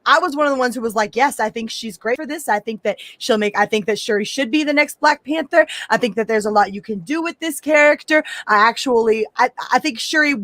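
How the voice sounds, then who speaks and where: A fairly high-voiced woman co-hosting a podcast in a blunt, profane, animated way. The sound is dry and close. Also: a little fast, few pauses, dry recording. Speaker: podcast co-host. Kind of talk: casual panel chat.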